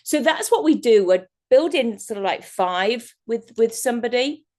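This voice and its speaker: A woman's voice: a little high, expressive, normal speed, darkish tone. A woman giving a chatty, rambling workshop talk as a guest speaker over a video call, often breaking into laughter. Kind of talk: online workshop presentation.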